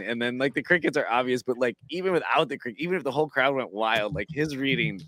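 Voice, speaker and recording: A man's voice: medium pitch, quick pace, hardly any pauses, sharp tone, a little hiss or hum. A man co-hosting a podcast in casual chat, with wry, self-mocking humor. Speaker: podcast co-host.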